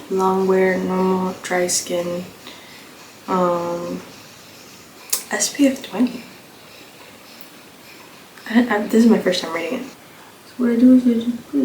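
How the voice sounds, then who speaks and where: A young woman with a slightly hoarse voice talks offhandedly through her makeup routine, rambling and leaning on fillers. She sits at middle pitch for a woman and speaks into a phone camera. The room is echoey, with clear noise underneath. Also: steady tone, a little slow, pauses often, a little mellow. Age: young adult. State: slightly hoarse, coming down with a cold. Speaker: beauty vlogger. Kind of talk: casual makeup tutorial chat.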